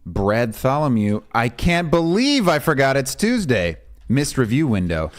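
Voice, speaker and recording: Man reading chat messages aloud. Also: medium pitch. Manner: reads viewer messages aloud, joking. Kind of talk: casual livestream chat.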